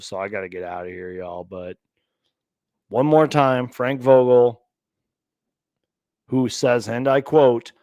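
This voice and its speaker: A man's voice: mid-range voice, mellow, dry recording. A man hosting a sports channel, ranting live and reacting to clips with exasperated sighs. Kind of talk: late-night live rant reacting to clips.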